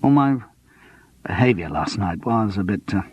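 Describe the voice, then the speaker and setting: A man's voice: fairly low pitch, lively intonation, moderate pace, slightly rough, no echo, lo-fi sound. A man playing a dry, wry amateur detective, read close and dry for an audiobook. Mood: confiding. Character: wry middle-aged amateur sleuth, testy and dry.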